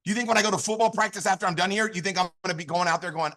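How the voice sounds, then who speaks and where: A man's voice: high-pitched, racing, pushed and bright. A man delivering an emphatic, fired-up motivational talk at a sales training. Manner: fired up, emphatic, repetitive exhortations. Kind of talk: high-energy motivational talk.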